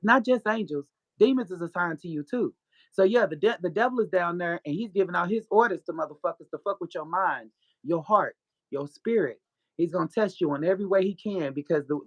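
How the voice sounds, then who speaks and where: A guest author with a lowish female voice shares her personal story in blunt, profane fashion, blending spiritual preaching with frequent laughter. There is no room sound.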